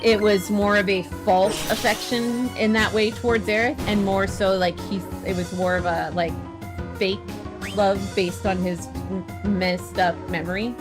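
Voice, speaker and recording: Chatty woman streamer in mid pitch. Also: fairly even intonation, measured pace, music in the background. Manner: chatty and emotional, with frequent fillers. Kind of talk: casual live game commentary.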